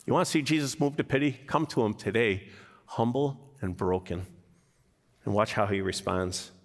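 A man preaching a sermon as pastor, animated, acting out quotes in different voices. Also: on the low side, moderate pace, in a large hall.

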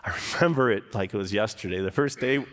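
A man preaching a sermon as pastor, animated, acting out quotes in different voices. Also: lowish voice, quick pace, long reverb tail.

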